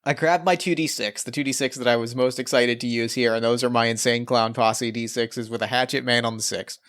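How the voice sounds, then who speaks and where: Smooth-voiced chatty man playing a game. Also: mid-range voice, steady tone, a little fast, fairly bright tone. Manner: chatty, enthusiastic, rambling. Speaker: player. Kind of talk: tabletop game play, casual.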